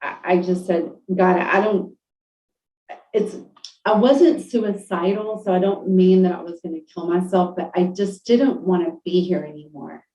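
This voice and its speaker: Middle-aged woman, podcast guest, heartfelt halting storyteller; warm low voice, recorded distant in a roomy space. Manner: heartfelt, halting, many fillers and restarts. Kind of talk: emotional personal storytelling. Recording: roomy, distant, dull lo-fi audio.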